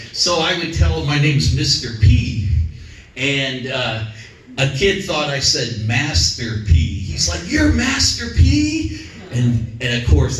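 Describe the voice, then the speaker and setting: A man's voice: on the high side, fairly bright tone. A man doing a stand-up set, rambling and self-deprecating with many fillers, on a comedy club stage. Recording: echoey club from far off.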